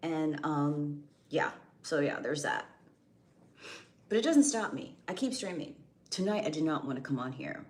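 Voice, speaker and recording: A woman's voice: deep voice, animated, a little slow, a little mellow. Chatty woman streamer, voice going. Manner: chatty, greets viewers by name, restarts sentences. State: voice going, slightly strained. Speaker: livestream host. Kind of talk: casual live stream chat.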